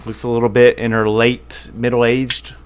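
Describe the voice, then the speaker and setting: A man's voice: mid-range voice, level tone, a little slow, smooth. A man narrating as game master of a tabletop game, rambling and correcting himself as he goes.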